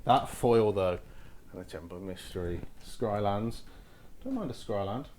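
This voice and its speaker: A man hosting a card-opening video, giving casual commentary and exclaiming excitedly at each pull. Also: fairly low pitch, measured pace, slight background noise. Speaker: host opening card packs.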